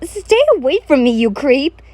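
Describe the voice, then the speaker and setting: A woman voicing a flustered young woman who protests in shrill, raised bursts. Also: very animated, measured pace, a little mellow, no echo.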